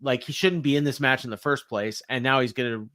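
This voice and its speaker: A man's voice: medium pitch, fairly even intonation, brisk, sharp tone. A man co-hosting a podcast, recapping a show in a rambling way with many fillers. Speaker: podcast co-host. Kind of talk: casual wrestling recap.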